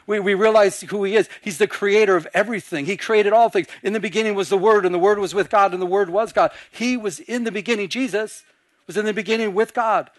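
A male pastor preaching a sermon, animated, acting out scenes in quieter voices. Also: high-pitched, fast talker, no echo. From Michigan.

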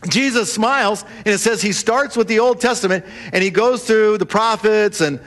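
Animated high-voiced man preaching. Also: moderate pace. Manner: animated storytelling, acts out voices of the disciples. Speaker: pastor. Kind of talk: sermon.

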